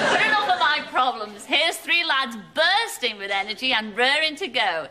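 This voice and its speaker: A woman's voice: high voice, very animated, moderate pace. A woman with a Liverpool accent hosting a studio dating show, teasing and laughing often. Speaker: game show host. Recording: noisy TV studio with loud audience. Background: studio audience.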